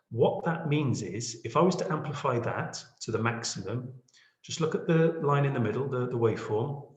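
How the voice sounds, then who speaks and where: A man's voice: medium pitch, lively intonation, moderate pace. Chatty man teaching in an echoey room. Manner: chatty, self-deprecating, checks in with "okay?" and "yeah?". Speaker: podcast editing tutor. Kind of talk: screen-share webinar tutorial.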